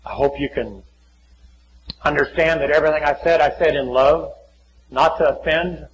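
A man preaching a folksy sermon in a church, often acting out little conversations and dropping to a hushed voice. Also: fairly high pitch, normal speed, a little hiss or hum, poor audio. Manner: folksy, acts out little dialogues, many drops to a hushed voice. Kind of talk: sermon with altar call.

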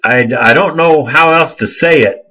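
A man's voice: fairly high pitch, normal speed, sharp tone, muffled recording. A man preaching a sermon, emphatic and repetitive, firing off rhetorical questions.

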